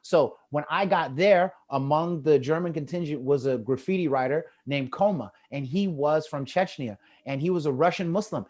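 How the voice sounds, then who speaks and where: A man with an American accent telling lively stories in casual chat over a video call, acting out the quotes with a rising voice. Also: fairly high pitch, normal speed, hardly any pauses. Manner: animated, acts out quotes with rising voice. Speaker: guest storyteller.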